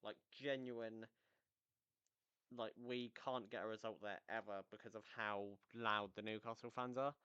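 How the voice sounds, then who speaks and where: A man's voice: fairly low pitch, steady tone, unhurried, bright, forceful tone, smooth, no echo, muffled recording. A man hosting a casual football recap, talking energetically and rambling into tangents. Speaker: football podcast host.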